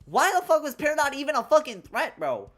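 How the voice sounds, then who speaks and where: Animated ranting young woman streamer. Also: sits high, brisk, faint music behind. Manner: ranting, profane, animated, says "bro" often. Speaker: game streamer. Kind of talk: casual live-stream commentary while gaming.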